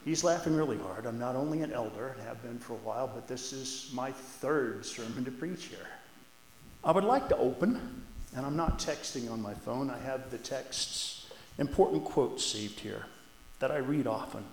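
A man's voice: medium pitch, animated, normal speed, a little hiss or hum. A man who serves as a church elder, reading scripture and then preaching a sermon in a conversational, folksy and earnest way inside a church sanctuary. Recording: echoey church room.

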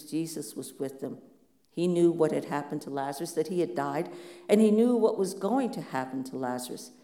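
Mellow-voiced pastor in an echoey church. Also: medium pitch. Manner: measured, reflective, many rhetorical questions. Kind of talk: sermon.

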